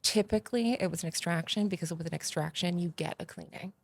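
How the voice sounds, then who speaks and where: A woman, a podcast guest telling stories in a casual, animated way that grows loud and excited. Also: on the low side, fast talker, vocal fry. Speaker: podcast guest, agency founder. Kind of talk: casual interview storytelling.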